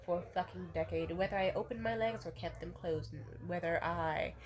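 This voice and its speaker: In her casual vlog, a young woman with a fairly low voice rants profanely and bluntly at a moderate pace, circling back to repeat what she's said.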